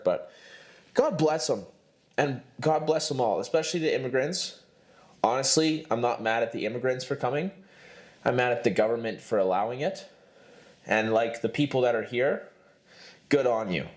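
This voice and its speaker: Man podcast host, rambling comic monologue. Very animated pitch, mid voice. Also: moderate pace. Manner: rambling, joking, laughs at himself.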